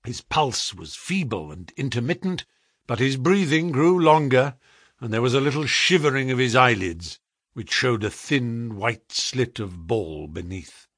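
Man reading classic fiction aloud, animated pitch, slightly husky, dry close sound. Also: a little slow, dry recording. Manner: dramatic, building tension. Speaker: audiobook narrator. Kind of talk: scripted narration.

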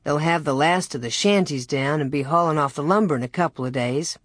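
Husky low-voiced woman narrating. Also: brisk, no echo, studio quality. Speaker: audiobook narrator. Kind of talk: scripted narration of a children's novel.

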